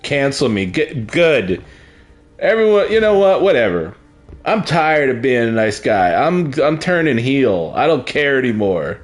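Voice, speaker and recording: A man's voice: mid-range voice, big pitch swings, measured pace, soft background music. A man giving casual gameplay commentary, rambling, crude and sardonic as he plays. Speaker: gaming streamer.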